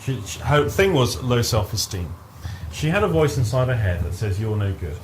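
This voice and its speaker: A very animated male trainer speaks at a normal pace and medium pitch to a live group in a training room, with background noise present. He shares stories while explaining ideas, restarting sentences and repeating words along the way.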